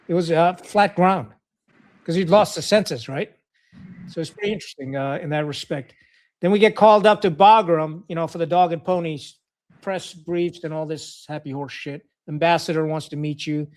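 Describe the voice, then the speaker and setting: A man's voice: a little high, moderate pace, darkish tone. A middle-aged man from Pakistan, a retired Marine officer, telling war stories as a podcast guest in a blunt, profane, casual way and acting out quoted dialogue.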